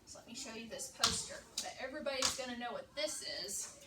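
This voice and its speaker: A woman teaching young children a reading lesson in a classroom, upbeat and encouraging, speaking slowly and clearly. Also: fairly high pitch. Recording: echoey classroom, far-off mic, background noise.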